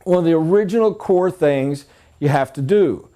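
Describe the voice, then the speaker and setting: Mellow-voiced male sales trainer. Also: on the high side, normal speed. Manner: animated, acts out examples. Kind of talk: classroom sales training talk.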